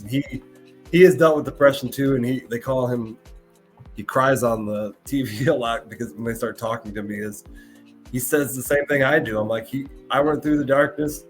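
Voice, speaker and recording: A man hosting a live podcast, talking in an earnest, emotional way and often stopping to repeat and restart his words. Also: medium pitch. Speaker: podcast host.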